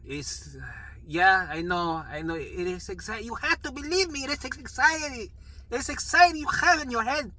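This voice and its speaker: Man putting on a high-pitched, pleading, reassuring mother. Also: normal speed, sharp tone.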